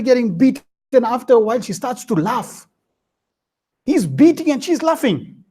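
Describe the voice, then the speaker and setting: Guy giving a scripture class, husky voice, chatty, lots of "hmm?". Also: moderate pace. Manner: lively, swinging pitch, slangy asides and frequent "hmm?". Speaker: spiritual teacher.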